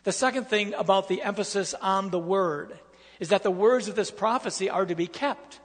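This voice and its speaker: High-voiced preacher in an echoing hall. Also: male voice, moderate pace. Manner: emphatic, repetitive scripture-reading preaching. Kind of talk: sermon.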